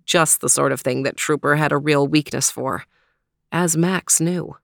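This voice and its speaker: A woman narrating a children's storybook in a steady, measured way. Her voice sits low, and the recording is dry and close, with no room sound. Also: vocal fry, no room sound. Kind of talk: storybook reading.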